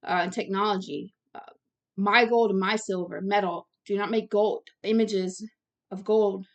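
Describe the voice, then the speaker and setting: A woman teaching the Bible, reading scripture aloud and breaking off into direct, earnest commentary, sometimes stumbling over long words. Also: medium pitch.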